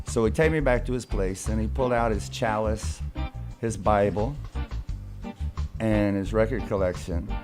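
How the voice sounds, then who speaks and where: A man in his fifties from Oklahoma, a radio guest telling a story in a rambling, halting way with many restarts. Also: on the low side, over music. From Oklahoma, USA. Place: radio studio.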